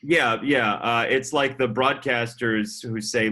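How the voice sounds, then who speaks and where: This is a man with a mid-pitched voice, a sports broadcaster appearing as a podcast guest over a video call. He chats casually and tells animated stories, acting out the people he quotes. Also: slow pace. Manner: animated, acts out quotes in storytelling. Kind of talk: casual chat.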